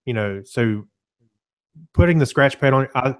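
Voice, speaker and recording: A man casually presenting a software demo on a web call, explaining in a loose, self-correcting way and often clearing his throat. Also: mid-range voice, measured pace.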